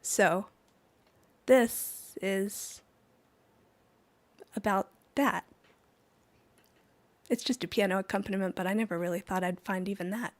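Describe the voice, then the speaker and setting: A woman's voice: medium pitch, fairly even intonation, unhurried, pauses often, slight background noise. A woman hosting a live music stream, chatting in a rambling way between songs and laughing often. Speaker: livestream singer and host. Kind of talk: casual chat with chat viewers between songs. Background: music playing.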